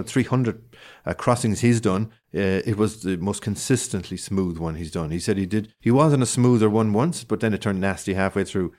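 A man with a low voice and a light lilt tells a travel story in relaxed conversation. He talks with lots of fillers, false starts and growing enthusiasm. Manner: animated storyteller with many fillers and restarts. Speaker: guest. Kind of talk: casual chat.

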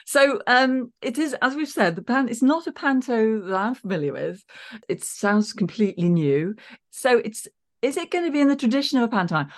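A woman's voice: on the high side, animated, moderate pace. A woman from Liverpool hosting a casual radio interview, asking friendly, encouraging questions. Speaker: radio presenter.

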